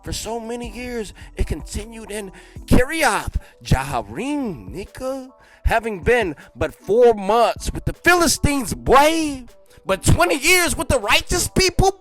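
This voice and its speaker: A young man reading a history book aloud, breaking in with loud, slangy asides and dropping to quiet mumbled reading. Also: very high voice. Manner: animated slangy asides between read passages. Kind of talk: casual read-along with commentary.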